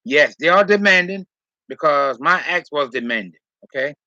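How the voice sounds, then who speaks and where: A man's voice: a little high, expressive, normal speed, sharp tone, no room sound. A man telling a personal story, often tagging "all right?" and "okay?" and getting heated. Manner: rambling, repeats "all right?" and "okay?", heated when retelling. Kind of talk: casual storytelling monologue. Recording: dull lo-fi sound.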